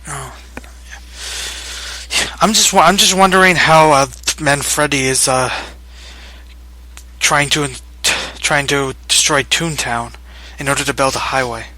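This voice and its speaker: Bright-voiced jokey man. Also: mid-range voice, a little slow, long pauses, no echo, rough recording. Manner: jokey, laughs often. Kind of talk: casual chat.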